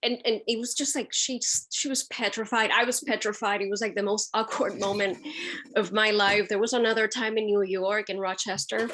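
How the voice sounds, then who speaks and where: A woman's voice: medium pitch, normal speed. A woman with a Puerto Rican accent, a photojournalist telling stories on a panel and acting out what people said to her. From Puerto Rico. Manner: animated storytelling, acting out other people's remarks. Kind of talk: casual anecdote on a panel.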